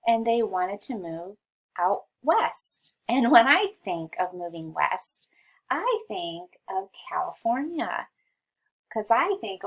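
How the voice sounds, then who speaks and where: With a very animated, slightly rough mid-range voice, a woman teacher reads a history lesson aloud to children. She moves slowly and patiently sounds out each word for young readers, and the recording is rough.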